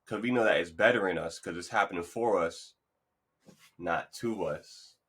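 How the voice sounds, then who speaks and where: Solo male podcast host, lowish bright voice, loose motivational rambling. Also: fast talker, breathy edge. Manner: loose, rambling, upbeat and encouraging. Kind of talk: casual motivational monologue. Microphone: podcast mic.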